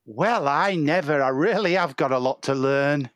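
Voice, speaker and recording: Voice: medium pitch, moderate pace, dry recording, studio quality, voice pushed down, natural voice. A performer improvising a meek, gullible new trainee baker who hesitates a lot. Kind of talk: improv comedy scene.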